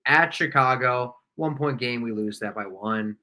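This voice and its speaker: A man's voice: medium pitch, moderate pace, pushed and bright. A man co-hosting a live game watch party, talking bluntly and swearing freely. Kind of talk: casual live game chat.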